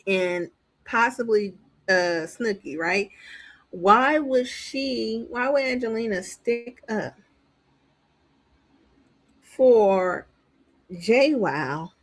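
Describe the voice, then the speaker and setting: Blunt, outspoken woman reviewer. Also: mid-range voice. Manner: outspoken and blunt, swears freely; animated, acts out what others said. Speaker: reality TV reviewer. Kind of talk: casual commentary.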